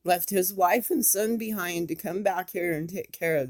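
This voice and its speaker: A woman's voice: on the low side, steady tone, moderate pace, few pauses, a little mellow. A woman, speaking in an impassioned, scolding commentary vlog. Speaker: YouTube commentator.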